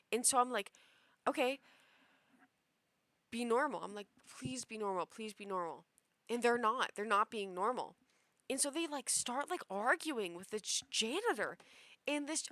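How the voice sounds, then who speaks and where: A young woman streamer telling a story to her live chat in a rambling, animated way, full of "like" and restarts. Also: mid-range voice, dry recording. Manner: rambling, animated, heavy use of "like".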